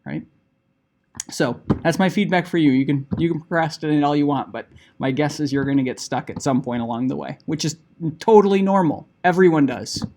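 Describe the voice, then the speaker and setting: A middle-aged man lecturing a class in an easygoing, conversational tone. His voice sits a little high for a man, and he keeps checking in with "right?" and "okay?" as he talks students through their work. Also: brisk, a little mellow. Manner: casual, conversational, many "like" and "right?" asides. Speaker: instructor.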